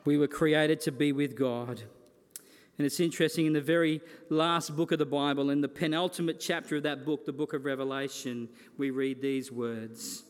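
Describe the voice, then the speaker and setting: A man's voice: a little high, fairly even intonation, normal speed, smooth. A man preaching a sermon as a pastor, earnest and building his points through repeated phrases. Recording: long reverb of a large hall.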